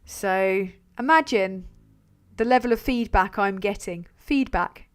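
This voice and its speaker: A woman's voice: medium pitch, unhurried, smooth. A woman hosting a live stream, talking bluntly with frequent swearing, rambling between points and reading out viewer messages. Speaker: livestream host.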